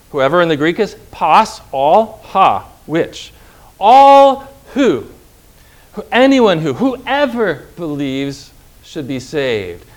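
A man with a fairly high voice gives a Bible lesson to his congregation as a pastor. He keeps quizzing his listeners, then drives each point home with emphatic, upbeat conviction. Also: low-quality recording. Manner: emphatic, building to cheerful conclusions. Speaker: Lutheran pastor.

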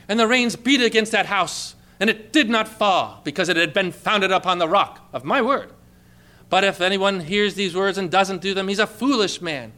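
A man preaching a sermon, telling stories in an animated, emphatic way and rising to exclamations. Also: high-pitched.

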